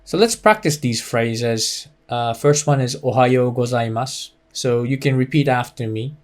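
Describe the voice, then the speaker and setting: A man's voice: medium pitch, a little slow. A man teaching a beginner language lesson, explaining patiently with many fillers and modeling phrases for the listener to repeat.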